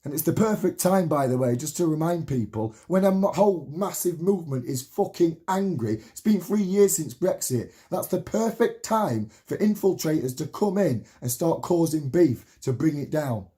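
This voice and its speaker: A man in his late thirties delivers an impassioned monologue to camera, full of swearing and repetition. His voice sits high for a man yet sounds warm and soft-edged rather than bright. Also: lively intonation, normal speed, hardly any pauses. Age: 30s. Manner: heated, swearing, repetitive rallying rant.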